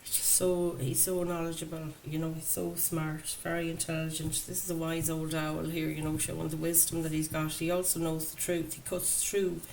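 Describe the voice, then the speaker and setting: A woman's voice: sits low, level tone, normal speed, gravelly, few pauses, a little mellow, rough recording. A woman doing a chatty, enthusiastic tarot reading, talking to her viewers. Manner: enthusiastic, chatty, laughs often. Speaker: tarot reader. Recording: faint background noise.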